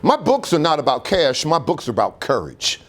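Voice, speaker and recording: A man's voice: a little high, moderate pace. A man giving a motivational speech to an audience, full of rhetorical questions. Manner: animated preacher-like delivery with rhetorical questions. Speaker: motivational speaker. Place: auditorium.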